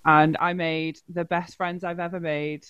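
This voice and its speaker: A woman's voice: lowish voice, little pitch movement, a little slow, fairly bright tone, smooth, no echo, dull audio. A woman from Salford with a Salford accent, chatting in a bubbly, heartfelt way and laughing often. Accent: Salford (Manchester area). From Salford, England. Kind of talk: casual chat.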